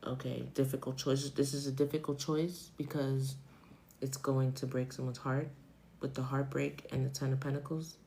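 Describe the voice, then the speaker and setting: A woman's voice: rumbling low, little pitch movement, normal speed, vocal fry, warm tone, a little hiss or hum, rough recording. A woman in her forties giving a casual, chatty tarot reading on a live stream, thinking aloud and wandering off topic. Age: 40s. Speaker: tarot reader.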